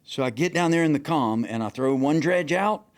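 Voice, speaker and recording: Animated fishing captain. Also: male voice, a little high, normal speed. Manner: animated, profane, acts out quotes loudly. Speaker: fishing captain, podcast guest. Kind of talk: casual storytelling.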